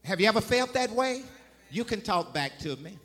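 A man preaching a sermon in the first person as a Bible figure, calling for responses and swinging from soft to loud. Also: sits high, lively intonation, moderate pace, big-room sound. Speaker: guest preacher.

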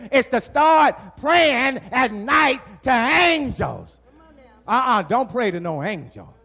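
Male preacher, gravelly tone, slow deliberate delivery breaking into shouts. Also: very high voice. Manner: preaching in rising shouts with drawn-out words. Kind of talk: sermon.

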